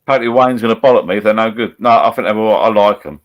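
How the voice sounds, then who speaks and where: A man's voice: lowish voice, rapid-fire, dull audio. A man with an Essex accent hosting a live stream from home, chatting in a rambling, blokey way. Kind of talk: casual banter over a video call. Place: at home beside a laptop.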